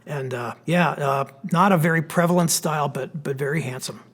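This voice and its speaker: Pennsylvania guy, architect walking through slides, kinda husky, a bit high, lots of ums. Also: normal speed. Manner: relaxed, explanatory, with frequent fillers. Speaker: architect giving a history talk. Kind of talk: illustrated lecture with slides. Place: church hall.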